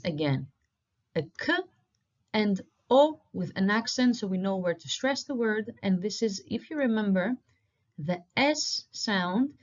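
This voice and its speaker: A woman teaching an online language lesson, patiently repeating each word slowly for learners. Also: medium pitch, a little mellow. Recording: dull lo-fi recording.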